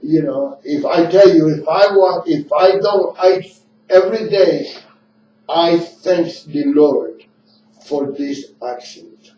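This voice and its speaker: Male radio host, non-native English speaker, slow and rambling, mellow voice, distant muffled roomy recording. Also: on the high side, slight background noise. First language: not English. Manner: rambling, repeats himself, speaks slowly. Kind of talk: casual opinionated talk. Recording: dull lo-fi room sound from a distant mic.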